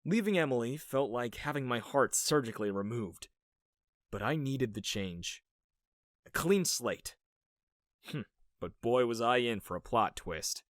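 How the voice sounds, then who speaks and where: A man's voice: mid-range voice, lively intonation, a little slow, long pauses, fairly bright tone, no room sound, clean studio sound. Wry young man narrating dramatically. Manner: wry and dramatic, with sarcastic asides. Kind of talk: scripted first-person storytelling.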